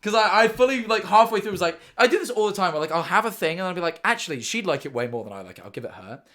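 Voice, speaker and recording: A young man streaming casually, reacting excitably and rambling through stories with restarts and swearing. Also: sits high, rapid-fire.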